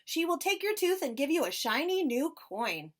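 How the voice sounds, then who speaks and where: Brief: reassuring mother pig, gentle and explaining, read by a man in drag. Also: very high voice, big pitch swings, normal speed.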